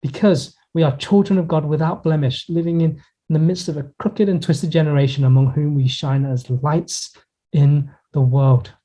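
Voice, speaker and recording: A male pastor delivers a sermon in an earnest, reflective manner, stretching out key words for emphasis. His voice sits a little high for a man yet sounds mellow and warm. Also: fairly even intonation. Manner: earnest, reflective preaching with pauses and slowed emphasis. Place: church in Hong Kong.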